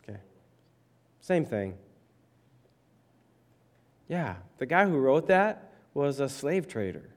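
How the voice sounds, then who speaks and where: A pastor preaching a sermon, reading scripture aloud and explaining it in a conversational, emphatic way. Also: male voice, medium pitch, very animated, takes it slowly, long pauses. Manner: conversational, emphatic with checking questions.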